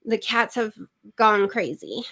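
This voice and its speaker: Chatty middle-aged woman with bright voice. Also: fairly high pitch, lively intonation, takes it slowly. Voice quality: chatty, rambling with many fillers. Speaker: channel host. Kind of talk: casual livestream chat.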